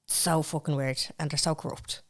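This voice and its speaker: A woman's voice: sits low, a little fast. A young Irish woman co-hosting a podcast, telling stories in casual chat, blunt and full of swearing. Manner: blunt, sweary, animated storyteller. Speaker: podcast co-host.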